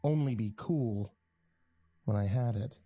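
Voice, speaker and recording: A man narrating a first-person horror story in a tense, measured way. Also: on the low side, mellow, husky, dry recording, muffled recording.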